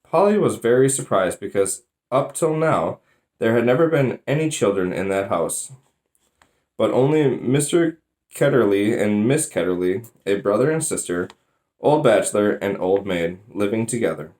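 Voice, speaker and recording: A man reading a children's novel aloud in a plain, even manner, with small slips now and then. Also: fairly low pitch, moderate pace. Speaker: storybook reader.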